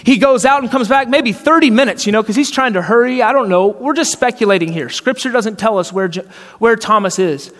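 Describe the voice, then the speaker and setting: A pastor with a high-pitched, fairly bright voice preaches a conversational sermon a little fast, posing rhetorical questions and acting out the people in his story. Hall reverb colors the recording.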